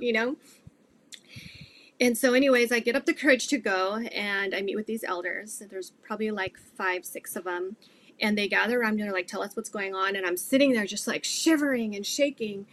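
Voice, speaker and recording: A woman's voice: medium pitch, normal speed, fairly bright tone, a little hiss or hum. A middle-aged woman earnestly telling her faith testimony in an interview, rambling with many fillers. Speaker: guest sharing her testimony.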